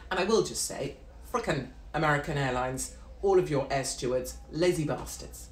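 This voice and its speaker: A woman's voice: deep voice, expressive, moderate pace, a little hiss or hum. Profane, ranting woman host. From Britain. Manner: blunt, profane and mocking. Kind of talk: ranting monologue. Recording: echoey room.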